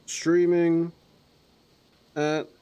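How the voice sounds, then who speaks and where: A man streaming a game, chatting casually and flipping between low mutters and gleeful outbursts. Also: level tone, drawn-out words, warm tone, smooth. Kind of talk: casual gameplay commentary.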